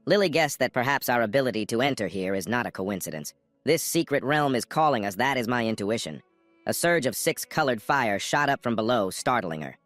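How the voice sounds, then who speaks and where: A man's voice: medium pitch, expressive, brisk, a bit bright, no room sound, soft background music. A man narrating a comic story recap in a scripted way, jumping into character lines now and then.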